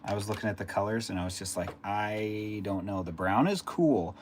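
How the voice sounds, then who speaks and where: A deep-voiced man rambles on his live stream, chatting loosely and answering viewers in chat. He speaks casually from a room at home, with faint hiss behind him. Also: very animated, fast talker.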